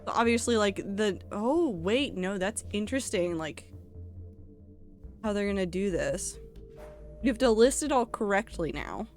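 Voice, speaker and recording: A woman's voice: medium pitch, animated, unhurried, darkish tone, faint music behind. A woman streaming a game, chatting casually and rambling with lots of fillers. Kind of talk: casual live-stream chat while gaming.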